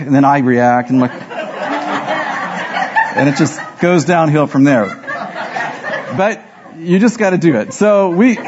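A man's voice: on the high side, dull audio, background noise. A man preaching a sermon as pastor, telling self-deprecating stories and acting out the dialogue.

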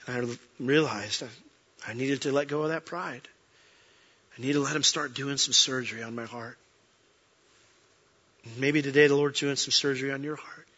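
A man preaching a sermon as a pastor, earnest, swinging between emphatic peaks and soft, quiet moments. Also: medium pitch, steady tone, moderate pace, long pauses, breathy edge, lo-fi sound.

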